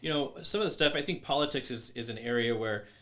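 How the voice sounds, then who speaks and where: A man hosting a podcast, adding measured, reflective comments in casual conversation. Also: medium pitch, fairly bright tone. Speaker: podcast host.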